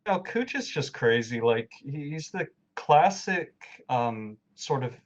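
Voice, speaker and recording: A man's voice: mid-range voice, animated, measured pace. A man co-hosting a casual gaming podcast, recapping story scenes in an easygoing, agreeable way and laughing along readily. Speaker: podcast co-host. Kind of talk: casual game walkthrough chat.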